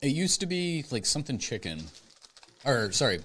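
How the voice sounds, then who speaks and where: A man's voice: mid-range voice, sing-song, moderate pace, a bit bright, slight background noise. A man co-hosting a casual podcast, telling a rambling story full of filler words. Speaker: podcast co-host.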